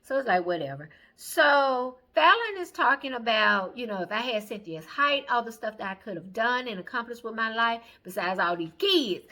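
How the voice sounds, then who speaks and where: A woman's voice: on the high side, bright, forceful tone. A woman casually recapping a reality show episode, chatty and opinionated with plenty of sass. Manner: sassy, chatty, opinionated, mimics people she talks about.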